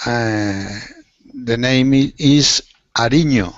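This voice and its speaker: A man's voice: medium pitch, slow, no echo, lo-fi sound. A man from Spain with a Spanish accent, a student answering in simple, hesitant English. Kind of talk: halting learner English.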